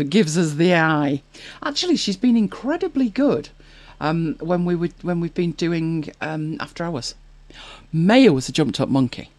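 A podcast host with a fairly low, slightly mellow voice runs a casual chat show, telling anecdotes and reading viewer comments while laughing frequently. She's chatty, and the recording has no echo.

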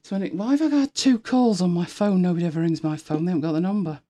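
A woman streaming live from her home, chatting casually with viewers. She laughs often and jumps to a high, sing-song voice for her dog. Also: fast, mellow. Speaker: vlogger.

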